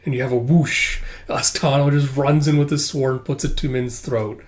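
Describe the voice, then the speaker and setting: A man's voice: mid-range voice, steady tone, normal speed. Chatty man reading a comic aloud. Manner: chatty, swears, many fillers. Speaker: comic book reader and reviewer. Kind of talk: casual read-along commentary.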